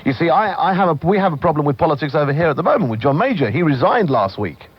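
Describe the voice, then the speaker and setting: A man from Britain hosting a call-in talk radio show, blunt, opinionated and excitable. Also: fairly high pitch, quick pace, husky. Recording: muffled 1990s radio broadcast.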